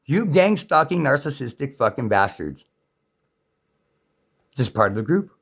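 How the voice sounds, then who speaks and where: A man's voice: medium pitch, expressive, unhurried, creaky, a bit bright. Man ranting, heated and profane. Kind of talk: angry unscripted rant.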